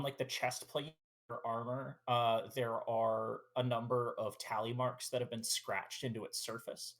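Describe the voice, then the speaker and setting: A tabletop game player describing their character slowly and hesitantly, with many fillers. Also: mid-range voice.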